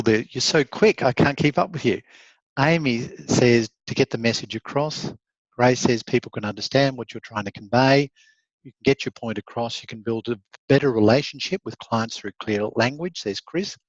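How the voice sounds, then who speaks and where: A man's voice: medium pitch, no room sound, highs cut off. Encouraging male law lecturer. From Australia. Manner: encouraging, conversational, laughs often. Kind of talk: online lecture, reading student chat comments aloud.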